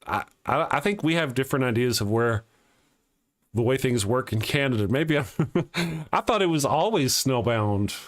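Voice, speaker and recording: A man's voice: mid-range voice, moderate pace. Joking man hosting a livestream. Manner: joking, chuckles often, animated. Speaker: host of a live morning show. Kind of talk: casual livestream chat reading viewer comments.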